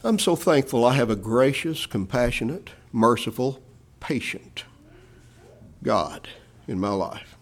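A man preaching a sermon, addressing his listeners as "my beloved", moving between hushed low phrases and loud rising emphasis. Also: lively intonation, a little slow, long pauses.

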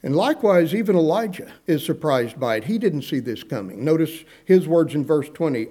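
A man's voice: a little high, animated, a little fast, few pauses, mellow. A man preaching a sermon, earnest, acting out the words of the people in his text and asking his listeners questions. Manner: earnest preaching, acts out quoted speakers; asks the congregation questions. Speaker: pastor.

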